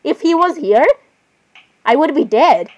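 A woman gamer talks through her play in casual running commentary. Her voice sits fairly high, and she gets excitable, keeps saying sorry and chats to herself as she goes. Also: measured pace.

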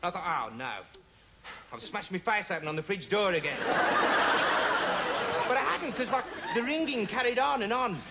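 Kevin Turvey: dim, rambling young bloke, high lively voice, deadpan asides, loud audience laughter over a noisy broadcast. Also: male voice, moderate pace, long pauses, a loud crowd. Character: dim rambling young male amateur investigator. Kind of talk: comic monologue to camera. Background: studio audience laughing.

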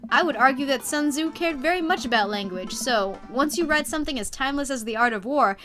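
A woman voicing a gentle middle-aged father who earnestly reassures his daughter, reading it close to her own bright voice. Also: high voice, expressive, brisk, faint music behind. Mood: playful.

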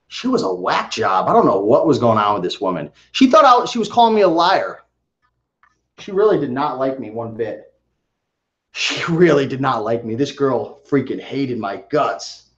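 A man with a fairly high voice talks straight to his viewers in a casual vlog, telling stories with animated energy. The recording is roomy and a little dull, with a lo-fi edge. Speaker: reseller vlogger. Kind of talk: casual vlog showing finds.

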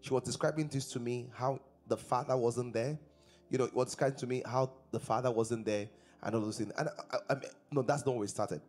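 A man's voice: medium pitch, fairly even intonation, brisk, a little mellow, soft background music. A man preaching a sermon as pastor, repeating his points and asking the congregation questions. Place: church service.

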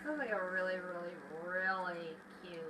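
A woman's voice: lowish voice, moderate pace, sharp tone, a little hiss or hum. A woman chatting casually while watching someone play a video game, playful and teasing. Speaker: co-player. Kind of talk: casual gaming chat.

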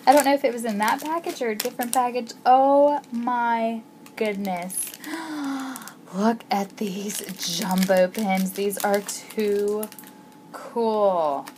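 Crafty woman gushing over an unboxing, slow talker, noisy home recording. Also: a little high, a little mellow. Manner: gushing, frequent gasps and exclamations. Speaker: crafting vlogger.

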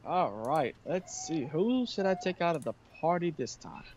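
A man's voice: on the high side, big pitch swings, moderate pace, darkish tone, slight background noise. A man playing a game with a friend, playful and teasing, humming little tunes as he goes. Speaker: gaming guest. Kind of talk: casual game chat.

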